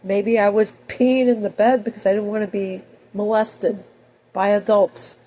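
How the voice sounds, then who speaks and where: A woman in her fifties with a cold, talking in a rambling personal monologue that swings between loud outbursts and soft mutters. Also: mid-range voice, flat delivery, unhurried, a little hiss or hum, rough recording. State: has a cold. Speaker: video blogger.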